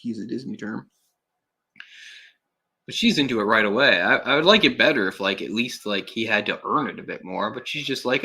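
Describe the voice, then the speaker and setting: A man's voice: lowish voice, expressive, fairly quick, gravelly, sharp tone, slightly rough. A young man giving casual, sarcastic live commentary on a film, exasperated and swearing at times. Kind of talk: solo live movie commentary.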